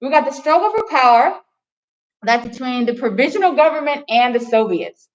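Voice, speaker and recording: A woman's voice: sits high, lively intonation, moderate pace, muffled recording. A young woman teacher giving a chatty history lecture to her class, joking with students. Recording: echoey classroom, distant mic.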